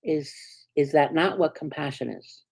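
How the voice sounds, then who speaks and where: A woman minister preaching in a slightly low voice, talking with the congregation more than at them. She drops into soft, hushed asides, then rises to bright, emphatic peaks, and keeps asking "right?". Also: moderate pace, gravelly, slightly rough. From United States. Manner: conversational, earnest, asks the congregation "right?". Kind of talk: sermon.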